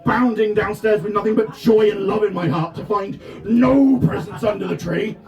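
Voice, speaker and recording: A man in his thirties from Devon performing a self-deprecating stand-up set at a festival tent, often shouting his punchlines. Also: high-pitched, normal speed, gravelly, distant mic, dull audio. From England (Devon). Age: 30s. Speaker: stand-up comedian. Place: festival tent with a live audience.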